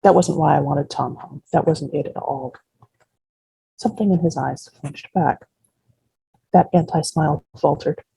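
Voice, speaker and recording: An author reading her first-person novel aloud in a measured, unhurried way. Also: low voice, creaky, mellow, slightly rough, no room sound, rough recording.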